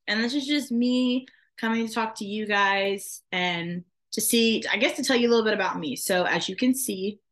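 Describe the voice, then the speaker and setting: A woman's voice: medium pitch, a bit bright. A young adult woman, a podcast co-host, introducing herself in a chatty, rambling way with laughs. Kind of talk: casual self-introduction.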